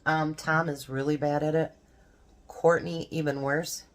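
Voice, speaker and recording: A woman's voice: low voice, level tone, a little slow. An older woman, a grandmother and homestead vlogger, chatting casually and rambling about faith and family, laughing often. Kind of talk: casual devotional chat.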